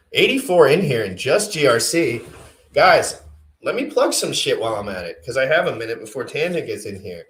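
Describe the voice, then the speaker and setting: A young man chatting on a livestream, rambling and joking at his own expense. His pitch swings widely as he gets excited. He talks casually and loosely. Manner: rambling, self-deprecating, excitable. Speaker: livestream co-host.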